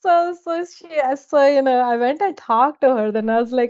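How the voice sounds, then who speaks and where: A woman's voice: high voice, moderate pace, few pauses, a little mellow. A woman from India, a guest telling stories in a casual interview and laughing often between phrases. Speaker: guest, data executive. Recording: dull lo-fi audio.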